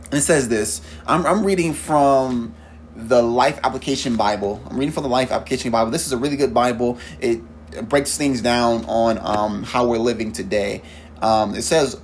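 A fervent podcast preacher who prays and preaches by turns. The speaker keeps coming back to the same words and asks listeners earnest questions, at a middle pitch. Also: fairly quick. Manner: fervent, repeats "Father God" often. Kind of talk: prayer and sermon.

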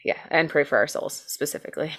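A woman's voice: sits low, fast talker. An American woman co-hosting a true-crime podcast in casual chat, talking chattily with lots of fillers, self-deprecating jokes and the odd swear word. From United States. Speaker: podcast co-host telling a true-crime case.

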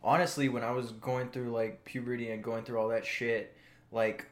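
A young man chatting on a podcast. He tells crude, rambling stories and acts out what other people said along the way. His voice sits at an ordinary pitch for a man. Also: little pitch movement, moderate pace. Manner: crude, rambling storytelling with lots of quoted dialogue. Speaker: podcast co-host. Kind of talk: casual chat.

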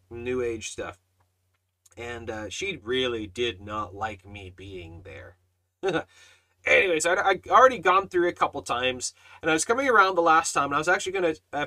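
Bright, forceful man teaching the Bible. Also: mid-range voice. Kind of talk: Bible study talk.

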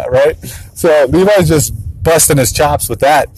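A father in his thirties who runs a business chats casually in a vlog monologue, laughing a lot and playfully imitating his kids. He speaks at a normal speed in a mid-range, slightly mellow voice, and the audio is poor.

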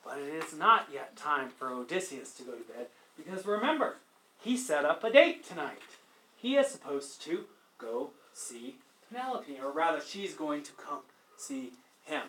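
A male teacher lecturing a class, animated, asking students questions and acting out quotes as he retells a story. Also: fairly high pitch, normal speed. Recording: echoey classroom.

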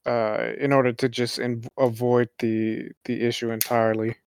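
Brief: podcast co-host man, smooth clear voice, dry close sound, hesitant. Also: mid-range voice, little pitch movement, moderate pace, a little mellow, no room sound. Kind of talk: casual chat.

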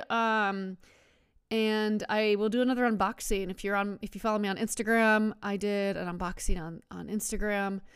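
Chatty woman with a smooth, fairly high voice. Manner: rambling and chatty, with frequent fillers and restarts; laughs often and trips over foreign words. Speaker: wine podcast host. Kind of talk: casual chat.

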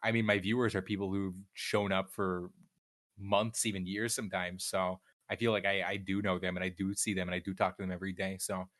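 Young male streamer guest, low-ish voice with a bright edge, candid and swearing, talks in loose restarts. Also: little pitch movement, fairly quick. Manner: profane, candid, rambling with restarts. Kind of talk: casual chat.

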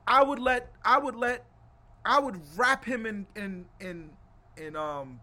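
A man hosting a casual sports podcast, animated and laughing, swinging between loud rants and low asides. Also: slow pace. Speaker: podcast host.

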